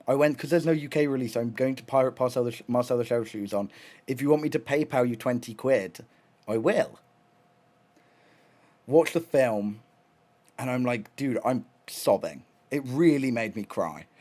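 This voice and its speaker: On a live stream, a young man with a medium-pitched voice chats casually, rambling excitedly, cursing a lot and frequently starting his sentences over.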